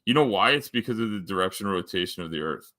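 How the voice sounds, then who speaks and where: A Canadian man with a bright, lower-pitched voice hosts a casual live stream with a Canadian accent. He rambles and jokes, full of fillers and restarts. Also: lively intonation, fast. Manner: rambling, joking, lots of fillers. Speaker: host.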